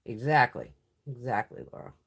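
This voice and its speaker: A woman's voice: very deep voice, expressive, moderate pace, slightly rough. A woman hosting a casual live stream chat, ranting with frequent swearing and laughing often. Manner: profane, ranting, exasperated.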